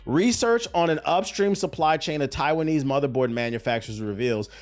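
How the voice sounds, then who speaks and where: A man hosting a casual gaming news show, telling stories in a profane, animated way. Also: a little high, a little fast.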